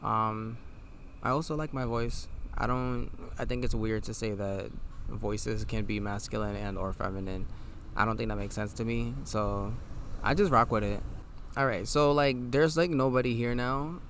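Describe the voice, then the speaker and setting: A tired man with a nasal voice, hosting a podcast. He talks in a casual, reflective monologue and reads affirmations aloud in a low, laid-back way. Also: fairly even intonation, moderate pace, a bit bright, a little hiss or hum. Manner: low, laid-back delivery with mild swearing. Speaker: podcast host.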